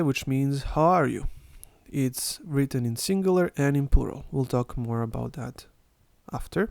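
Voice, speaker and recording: A man's voice: mid-range voice, gravelly, darkish tone, no echo. Man, language teacher, careful word-by-word delivery, dry close sound. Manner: slow, careful modeling of words for repetition. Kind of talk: recorded language lesson.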